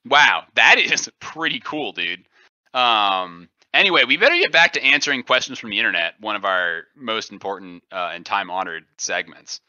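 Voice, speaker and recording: A man's voice: on the low side, sing-song, moderate pace, sharp tone, no room sound, highs cut off. A man co-hosting a goofy comedy podcast, rambling and groping for words with lots of fillers. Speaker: podcast co-host.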